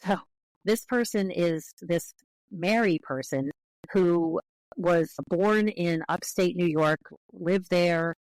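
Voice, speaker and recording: A woman's voice: on the low side, no room sound, rough recording. A woman guest on an interview, speaking as a linguist in a careful, explanatory way with frequent restarts.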